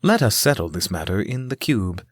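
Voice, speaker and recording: A man voicing a calm, robotic-sounding contender in a fantasy audiobook. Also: fairly low pitch, moderate pace, dry recording, clean studio sound.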